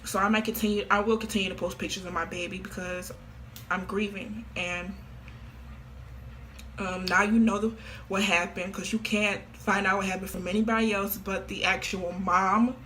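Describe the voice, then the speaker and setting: A young woman in her late teens speaks straight to her viewers in a casual monologue. Her voice is bright and forward, and she sounds blunt and offhand. A faint hiss of noise sits under her. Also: mid-range voice, fairly even intonation, moderate pace. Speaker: vlogger.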